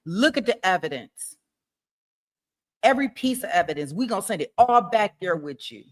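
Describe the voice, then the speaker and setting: A woman playing a forceful male prosecutor making a slow, emphatic closing argument. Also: mid-range voice, animated, natural voice. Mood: insistent.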